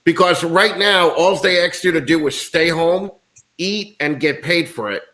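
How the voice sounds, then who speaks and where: A man's voice: fairly high pitch, unhurried, pushed and bright. A man from the United States, a guest in a casual chat, talking bluntly with lots of swearing and ranting.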